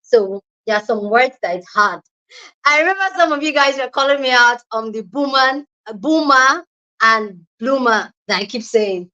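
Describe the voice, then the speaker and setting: A woman's voice: on the high side, expressive, normal speed, sharp tone, dull audio. A young woman from southern Nigeria with a Nigerian accent tinged by Delta pidgin, chatting casually with viewers on a livestream and greeting them by name. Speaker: livestream host. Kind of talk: casual live chat with viewers. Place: indoors at home.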